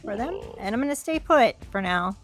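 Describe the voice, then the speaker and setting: A woman's voice: on the high side, lively intonation, fairly quick, soft background music. A woman playing a tabletop game, thinking aloud as she works out her turn. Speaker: player. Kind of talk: casual tabletop game chat.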